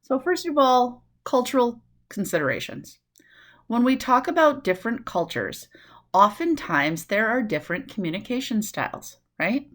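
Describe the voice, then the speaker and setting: A woman from New City, giving a recorded nursing lecture in a lively way, acting out quick voices and asides. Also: fairly high pitch. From New York City. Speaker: nursing instructor.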